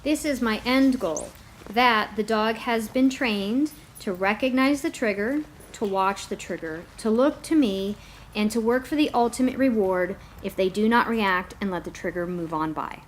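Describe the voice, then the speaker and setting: A woman dog trainer giving a calm, explanatory voice-over narration. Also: mid-range voice, normal speed, slight background noise.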